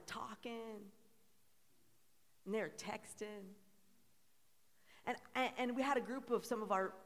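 A woman pastor preaching a sermon, animated and conversational, asking the congregation call-and-response questions. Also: mid-range voice. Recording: long reverb in a church hall.

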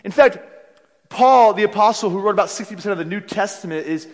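A man preaching a sermon as a pastor, telling stories in an animated way with frequent restarts. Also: high voice, fast. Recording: long reverb of a large hall.

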